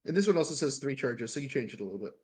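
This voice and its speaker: A man's voice: medium pitch, animated, racing, darkish tone, husky. A man taking part as a player in a casual tabletop game, eager and chatty, bargaining for gear.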